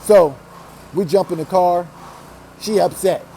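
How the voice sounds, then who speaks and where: A man from Los Angeles hosts a storytelling show, recounting his own story in a casual, profane way. His voice sits high and swings between hushed and loud. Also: measured pace, slight background noise. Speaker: storytelling host.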